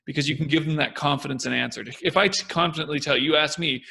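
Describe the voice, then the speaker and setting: Bright, gravelly-voiced young man chatting. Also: on the high side, fast talker, few pauses. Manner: animated, acts out confident and hesitant voices. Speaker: podcast co-host. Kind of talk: casual discussion.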